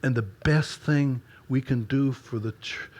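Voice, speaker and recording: An older male pastor tells stories from the stage in a folksy, self-deprecating way. His voice sits at an ordinary middle pitch. He mixes gentle humor into the lesson. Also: unhurried. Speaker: pastor speaking at a leadership conference. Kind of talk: storytelling sermon talk.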